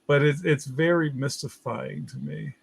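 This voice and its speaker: A man's voice: fairly high pitch, measured pace, vocal fry, slightly rough, no room sound. A man chatting easily as a guest, laughing along often. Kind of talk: casual chat.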